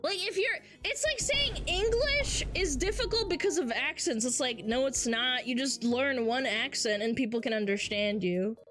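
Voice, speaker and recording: A woman's voice: high voice, normal speed, hardly any pauses, fairly bright tone, faint music behind. A woman streamer chatting casually with her live chat, brash and swearing freely as she reads messages aloud.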